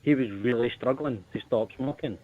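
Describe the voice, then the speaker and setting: A man from the UK calling in, telling a story in a casual, animated way with plenty of swearing. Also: mid-range voice, normal speed. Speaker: caller. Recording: phone-line audio.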